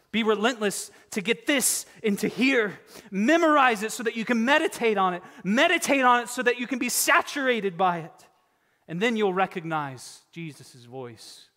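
A male pastor delivers a sermon in a high, bright, ringing voice. He is emphatic, rising to loud exhortation and dropping to near-whispers. The sound carries the long reverb of a church hall.

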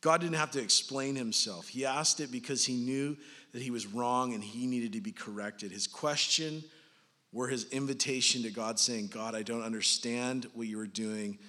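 A man's voice: medium pitch, normal speed, sharp tone. A man preaching a sermon in a casual, joking way, often checking in with "right?" and "like". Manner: jokey, conversational, often adds "right?" and "like". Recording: long hall reverb.

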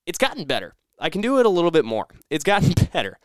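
A man's voice: on the high side, huge pitch swings, fast, dry recording, clean studio sound. A young man hosting a casual solo podcast, rambling and correcting himself as he tells stories. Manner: rambling, self-correcting storyteller. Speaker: podcast host.

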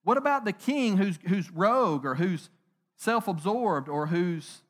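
A middle-aged man preaching a conversational sermon, animated, joking and asking rhetorical questions. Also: sits high, measured pace. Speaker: pastor.

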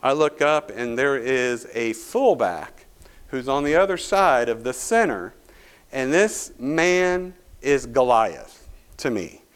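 A man's voice: mid-range voice, big pitch swings, slow, smooth. A male pastor, preaching a sermon through a folksy personal story full of restarts.

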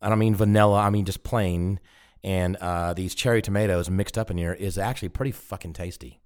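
A man co-hosting a casual podcast chat, talking haltingly while he eats and laughing along. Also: low-pitched, steady tone, a little mellow. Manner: talks while eating, halting, laughs often. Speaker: podcast co-host.

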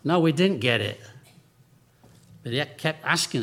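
A man's voice: fairly high pitch, expressive, a little slow, a bit bright. A male preacher delivering a sermon in an easy, conversational way. He breaks off for humorous asides and then returns to his teaching.

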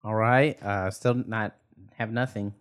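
A man's voice: steady tone, slow. A man joking and teasing his friends in casual podcast banter. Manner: joking, teasing, drops into a low drawl for bits.

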